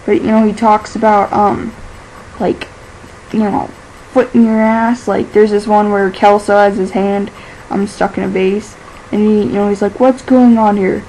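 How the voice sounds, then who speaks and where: A woman's voice: mid-range voice, completely flat delivery, warm tone, a little hiss or hum, low-quality recording. A teenage girl vlogging in a rambling, casual way, filling her talk with "like" and laughing easily. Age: teens. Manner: chatty and scattered, fills every pause with "like", laughs easily.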